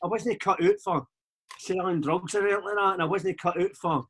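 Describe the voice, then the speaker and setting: A man in his forties with a Glaswegian accent, a guest chatting casually in a halting, rambling way with many restarts. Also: high-pitched, fairly even intonation, a bit bright. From Scotland. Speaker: podcast guest, DJ. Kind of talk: casual chat.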